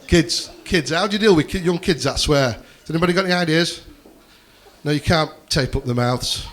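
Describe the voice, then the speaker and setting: Male stand-up, a touch high-voiced, loose and profane, always talking to the room. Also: moderate pace, fairly bright tone. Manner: rambling, swears freely, chats with the audience. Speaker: stand-up comedian. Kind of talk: stand-up comedy set with crowd banter.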